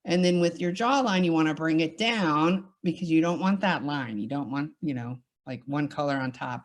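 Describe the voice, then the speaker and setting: A woman's voice: low voice, normal speed, few pauses. Chatty woman teaching a makeup class. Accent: Southern US. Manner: upbeat, reassuring, chatty teaching. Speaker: makeup instructor.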